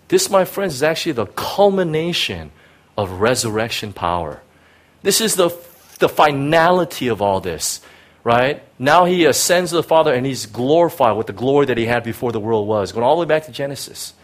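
Man preaching with hushed intensity. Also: mid-range voice, sing-song, normal speed. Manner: dramatic, swings from loud emphasis to hushed tenderness; conversational asides, frequent "right?" and "you know". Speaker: pastor. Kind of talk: sermon. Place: before a live congregation.

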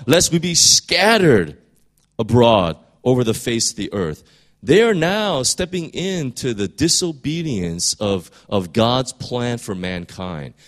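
A man preaching a sermon in a conversational way, often repeating words and rising to emphatic peaks. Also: mid-range voice. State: voice straining, clearing throat. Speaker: pastor.

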